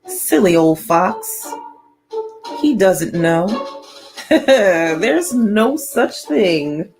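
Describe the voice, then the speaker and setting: A woman teacher reading a picture book aloud, playful and full of asides. She speaks very slowly with a lively, raised voice. Soft music plays behind her. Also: mid-range voice.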